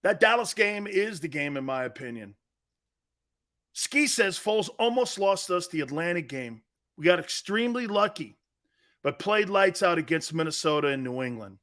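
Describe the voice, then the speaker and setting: Brash high-pitched male sports show host. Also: expressive, moderate pace. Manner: brash, loud, trash-talking, laughs often. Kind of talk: live sports radio show reading listener chat.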